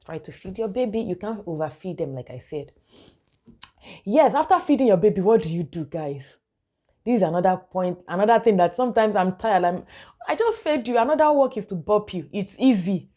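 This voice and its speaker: A woman's voice: mid-range voice, lively intonation, fairly quick, warm tone. A young woman, a mother giving casual baby-care tips to her viewers and calling them guys. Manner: chatty, keeps addressing viewers as guys, laughs often. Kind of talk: casual instructional vlog.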